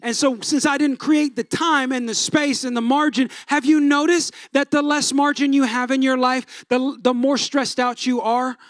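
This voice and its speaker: A middle-aged man preaching a sermon as pastor, telling a family story with lively, shouted re-enactments. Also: extremely high pitch, moderate pace, few pauses, no room sound, clean studio sound. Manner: animated storytelling, acts out his own voice in shouted bursts.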